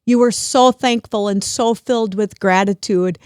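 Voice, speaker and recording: A middle-aged woman hosting a podcast, talking warmly and emotionally to her father, grateful and close to tears. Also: mid-range voice, normal speed, clear, resonant tone, no echo. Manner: emotional, grateful, at times tearful. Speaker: podcast host. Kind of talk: heartfelt family conversation.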